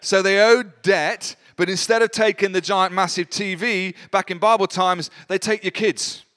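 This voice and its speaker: An earnest man delivers a sermon during a church service, encouraging his listeners. His voice sits a little high for a man. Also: fairly even intonation, moderate pace, bright, forceful tone. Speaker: preacher.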